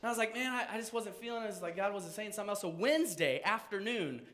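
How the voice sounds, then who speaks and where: A man's voice: sits high, fast talker. Chatty, upbeat male pastor. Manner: conversational, self-joking, animated. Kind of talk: casual sermon.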